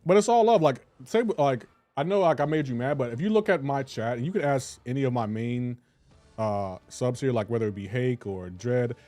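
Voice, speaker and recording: A man's voice: mid-range voice, warm tone. A man in his thirties chatting casually with viewers during a live game stream, teasing and laughing often in slangy banter.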